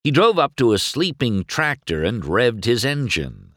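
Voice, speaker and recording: A man reading a children's storybook aloud as narrator, slow and expressive. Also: mid-range voice, no room sound, clean studio sound. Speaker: audiobook narrator. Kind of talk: scripted narration.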